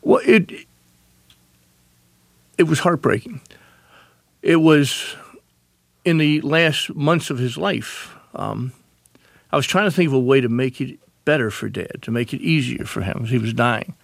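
A man, a radio interview guest telling animated stories and acting out the voices of family members. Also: mid-range voice, normal speed, vocal fry, dry recording. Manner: animated storyteller, acts out quoted voices.

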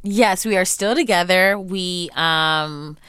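A young adult woman talking candidly as an interview guest, emphatic and animated, acting out what other people said to her. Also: on the low side, slow, clean tone, no echo. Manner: animated, emphatic, acts out quoted remarks.

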